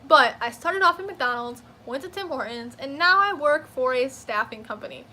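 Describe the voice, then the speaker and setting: A young woman telling a profane, animated story in a casual storytime rant. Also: high-pitched. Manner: profane, animated, quick to flare up. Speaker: vlogger.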